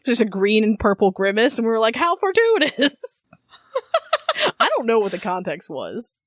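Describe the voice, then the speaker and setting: In a medium-pitched voice at a brisk pace, with no echo, this young podcast co-host keeps things casual. She laughs a lot and swears freely as she chats.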